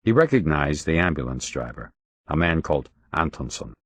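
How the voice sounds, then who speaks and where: A man narrating an audiobook in a steady, expressive reading. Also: rumbling low, normal speed, husky, no echo. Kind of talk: audiobook narration of a crime novel.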